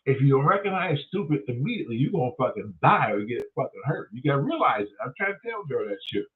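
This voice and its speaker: Profane, animated man on a tinny line. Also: mid-range voice, fast talker. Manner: profane, animated storytelling with acted-out quotes. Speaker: host. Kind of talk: casual storytelling rant. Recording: tinny phone-like sound.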